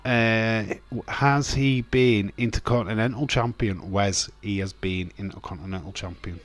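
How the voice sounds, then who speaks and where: A man's voice: fairly low pitch, steady tone, measured pace. Laughing, joking man hosting a stream. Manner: jokey, reads chat aloud, laughs often. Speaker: livestream host. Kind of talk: casual watch-along chat.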